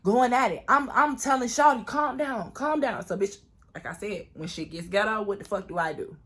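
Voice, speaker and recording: A woman from Florida telling a storytime vlog, animated and profane, acting out what people said with sudden jumps in pitch. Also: brisk. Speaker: vlogger.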